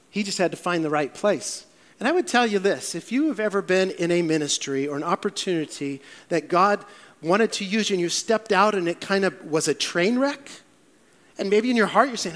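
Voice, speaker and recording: A male pastor preaches in a church, his voice sitting high for a man. He tells stories with animated, acted-out quotes, and a long reverb trails off every phrase. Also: moderate pace. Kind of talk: sermon.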